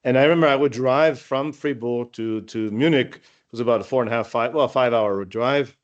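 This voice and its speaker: A man's voice: mid-range voice, a little fast, muffled recording. A man, a former student, telling rambling anecdotes with lots of restarts over a video call. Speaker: former student sharing memories. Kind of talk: casual storytelling.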